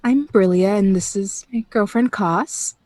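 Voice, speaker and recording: A woman playing a tabletop role-playing game, gentle and soft-spoken, often talking in character. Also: mid-range voice, measured pace. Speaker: player.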